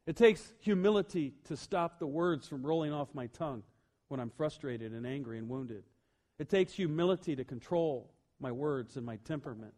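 Telling humorous stories from his own life, a mid-range-voiced man preaches as pastor. His delivery shifts from booming emphasis to hushed, sincere asides.

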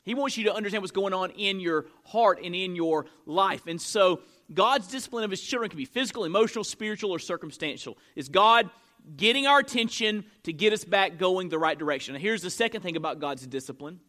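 A man's voice: high voice, expressive, brisk, sharp tone. A man preaching a sermon, asking the congregation rhetorical questions and using frequent fillers and restarts. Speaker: pastor.

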